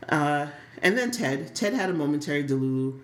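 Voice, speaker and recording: A woman co-hosting a casual soap opera recap, telling stories in a lively, sassy way with frequent laughs. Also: low-pitched, moderate pace, echoey room. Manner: animated, laughing, sassy storytelling. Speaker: podcast co-host.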